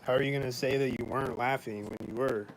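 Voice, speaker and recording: A man's voice: mid-range voice, steady tone, fast talker, a little hiss or hum, rough recording. A man vlogging in a casual, rambling monologue, indignant and complaining, filling his talk with "like" and frequent swearing.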